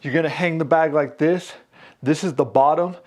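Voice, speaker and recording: A man demonstrating a punching bag while training, energetic, calling out strikes, a little out of breath. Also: normal speed. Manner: energetic, punctuates moves with 'boom' and 'pop'. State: slightly out of breath. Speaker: fitness instructor. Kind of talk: product demo while training.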